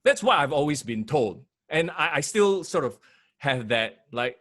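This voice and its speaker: A man's voice: fairly high pitch, big pitch swings, unhurried, fairly bright tone. A man co-hosting a podcast, emphatic and preachy in casual discussion. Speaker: podcast co-host and radio broadcaster.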